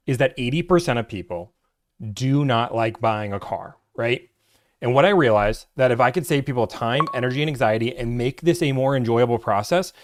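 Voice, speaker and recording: A man, hosting a livestream from his office, chatting casually and teasing the chat with sarcasm. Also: medium pitch. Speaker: livestream host, car buying broker.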